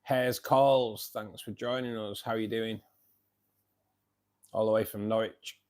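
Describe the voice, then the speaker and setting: Mancunian male streamer, lowish voice, friendly chatty delivery, reads out viewer comments. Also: steady tone, slow, a little mellow. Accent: Northern English, Manchester. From England. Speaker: live stream host. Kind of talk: casual live chat reading viewer comments.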